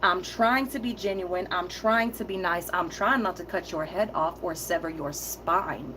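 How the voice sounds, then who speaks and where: A woman's voice: fairly low pitch, unhurried, background noise. A woman giving a spoken tarot reading to her viewers, firm and emphatic, often repeating key phrases, with a heated, intense delivery and casual direct address. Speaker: tarot reader.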